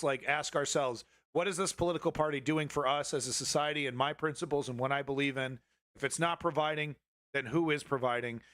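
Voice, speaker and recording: A man's voice: fairly high pitch, fairly bright tone, no room sound, clean studio sound. A young man hosting a live political news stream, talking to his chat in a blunt, profane, confrontational way.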